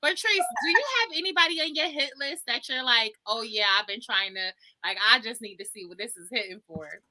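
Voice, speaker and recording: A woman's voice: fairly high pitch, pushed and bright. A woman co-hosting a podcast, joking around and interviewing a guest in casual chat. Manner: joking, quick, asks questions. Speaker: podcast co-host.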